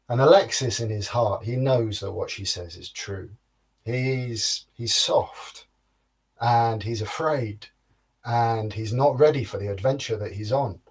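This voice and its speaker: A man telling a folktale in a lively, rhythmic storytelling manner, with playful sound words. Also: medium pitch, unhurried, husky.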